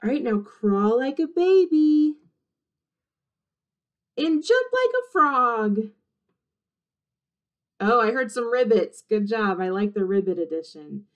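A woman kindergarten teacher with a fairly high voice leads little children through a movement storybook. She talks in an animated, sing-song way, cheering them on after every action. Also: slow, long pauses, highs cut off. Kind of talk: interactive read-aloud for young children.

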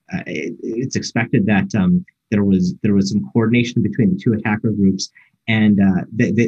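A man's voice: on the low side, a little mellow, husky, lo-fi sound. A man giving a conference keynote talk, explaining at length with frequent fillers and restarts. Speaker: keynote speaker.

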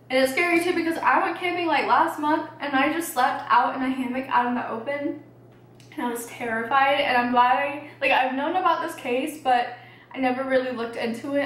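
A woman vlogger chatting casually about a true-crime case while eating, with plenty of "um"s and "like"s. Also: on the high side. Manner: chatty, many fillers and hedges. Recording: roomy echo, faint background noise.

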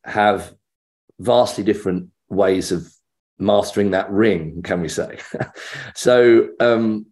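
A middle-aged actor interviewed as a guest, telling anecdotes in a lively way and acting out the voices of the people in them. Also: male voice, on the low side, slow pace.

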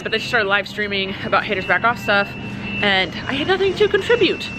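A woman's voice: medium pitch, very animated, fairly quick, over loud music, low-quality recording. A young woman vlogging casually to a handheld camera, chatty and playful, rambling through asides. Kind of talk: casual vlog chat to camera. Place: home, car and grocery store.

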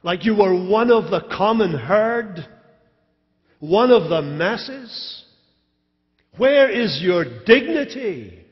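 A man's voice: sits high, animated, takes it slowly, voice pushed up. A man putting on a biting, sarcastic queen. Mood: mocking. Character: sarcastic scornful queen mocking her husband. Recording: reverberant church hall, dull live stream.

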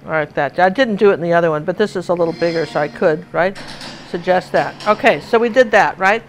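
A woman's voice: fairly low pitch, fast talker, slight background noise, poor audio. An older woman from Washington State giving a chatty live painting lesson, telling stories and laughing as she works. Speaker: painting teacher.

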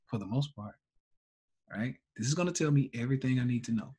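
A man's voice: medium pitch, animated, a little fast, slightly rough. A man running a live trading class, blunt and profane, laughing often between points.

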